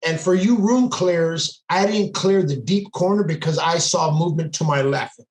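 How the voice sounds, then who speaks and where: A man's voice: fairly high pitch, moderate pace. Intense storytelling man, echoey room. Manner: intense, quotes dialogue as he tells it. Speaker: podcast guest, police sergeant. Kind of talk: casual storytelling.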